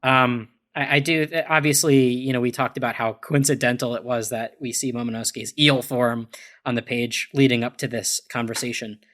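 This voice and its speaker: A man speaking at a middling, ordinary pitch as a panelist on a casual discussion podcast. He works out his thoughts as he goes, hesitating often and restarting his sentences with plenty of fillers. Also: fairly even intonation, moderate pace, fairly bright tone. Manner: hesitant, thinks aloud with many fillers and restarts.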